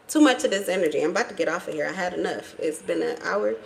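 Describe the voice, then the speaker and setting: A woman's voice: on the low side, animated, quick pace, vocal fry, hardly any pauses, slight background noise. A woman giving a casual tarot reading for her vlog, blunt and profane, rambling as she talks. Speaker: tarot reader.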